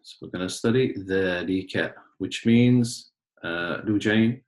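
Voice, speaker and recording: A man with a fairly low voice leads a small class, patiently walking the students through each word. He clears his throat often between explanations. The sound carries a roomy echo. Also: slow. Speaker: Arabic teacher. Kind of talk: online class lesson.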